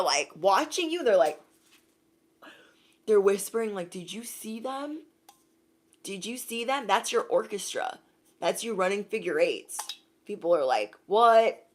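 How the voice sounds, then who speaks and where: Here the young woman's voice sits lowish as she chats on her livestream as an intuitive reader. Animated and quick to laugh, she thanks viewers individually by name.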